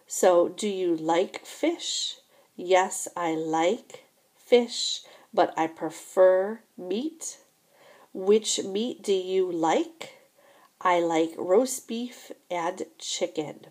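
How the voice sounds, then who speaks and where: A woman teaching a recorded French lesson, explaining grammar slowly and patiently, often repeating "remember" and "so again". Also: on the low side, a little mellow.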